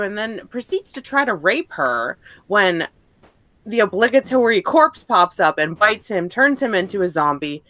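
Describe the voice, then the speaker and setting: A woman's voice: mid-range voice, sing-song, normal speed, fairly bright tone, no echo. A woman with a mid-range voice rants through a casual live stream chat over a video call. Her delivery is heated, profane and full of asides. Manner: ranting, profane. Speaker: guest reviewer.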